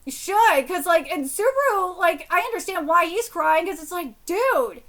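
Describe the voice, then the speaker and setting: A woman streaming a live reaction to a manga, reading panels aloud and yelling at dramatic moments. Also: extremely high pitch, moderate pace. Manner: excitable, yells at dramatic panels.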